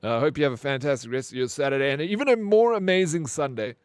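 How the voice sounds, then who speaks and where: A man with a medium-pitched, clear, resonant voice talks fast while casually chatting with his stream viewers, with no echo. He rambles, says "bro" a lot, swears casually, and reads chat aloud.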